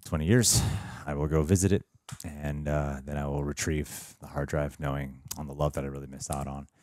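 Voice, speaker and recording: A man co-hosting a TV reaction show, chatting casually with deadpan jokes. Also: extremely low pitch, normal speed, no echo. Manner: deadpan joking, rambling tall tales. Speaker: co-host of a reaction review show. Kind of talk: casual chat.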